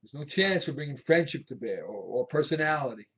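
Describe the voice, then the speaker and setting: An actor playing an aging, desperate traveling salesman in his sixties, pleading with his boss and swinging between quiet memories and angry outbursts. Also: mid-range voice, animated, brisk, breathy edge. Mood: wistful. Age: 60s. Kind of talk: film drama acting. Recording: dull old film soundtrack.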